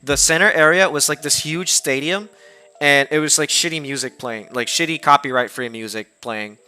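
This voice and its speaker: A man's voice: fairly high pitch, moderate pace, clean tone. A man from the United States, a streamer telling a long casual story, rambling with lots of fillers and restarts. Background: soft background music.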